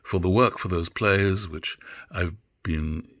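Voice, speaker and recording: An older man giving an unscripted lecture on drama, musing and halting, with many fillers and restarts. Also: deep voice, fairly bright tone, no room sound.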